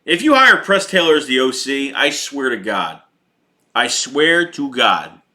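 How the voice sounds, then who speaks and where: Heated male fan host, profane, repetitive, sharp and forceful tone. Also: mid-range voice, sing-song, measured pace. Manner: heated, profane, repeats himself. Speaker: sports podcast host reading chat. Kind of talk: casual fan rant.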